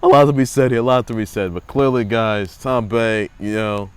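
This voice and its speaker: A man's voice: medium pitch, steady tone, moderate pace, clean tone. A man hosting his own sports report, rambling in casual commentary, repeating phrases and mocking players.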